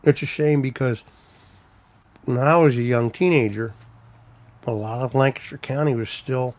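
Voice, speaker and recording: A man's voice: mid-range voice, moderate pace, darkish tone. A man on a casual live stream, telling rambling stories and answering viewers' comments. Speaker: trucker livestreaming, reading chat.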